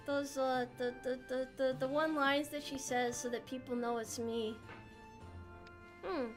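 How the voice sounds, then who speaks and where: A young American woman, speaking in a high, pushed and bright voice, livestreams a game and rambles playfully while answering her viewers' chat messages.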